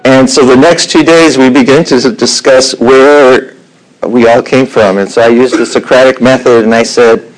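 Man teaching Bible, unhurried with fillers. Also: medium pitch, fairly even intonation, poor audio. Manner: unhurried, frequent "uh" fillers, clears throat.

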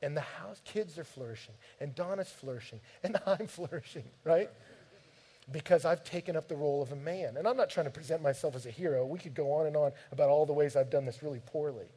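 A man preaches to his congregation, telling stories from home. His delivery is animated and direct, and his voice sits a bit higher than most men's. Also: a little fast, husky. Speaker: pastor. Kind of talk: sermon.

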